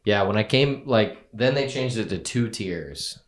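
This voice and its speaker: Low-voiced man with wry asides. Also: lively intonation. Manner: wry interjections and quick follow-up questions. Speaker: podcast co-host. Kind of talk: casual chat.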